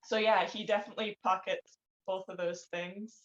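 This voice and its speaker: A woman's voice: medium pitch, steady tone, normal speed. A woman playing a tabletop game over a video call, joking about her character. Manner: joking, laughs often. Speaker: player. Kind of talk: casual tabletop play. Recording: dull lo-fi call audio.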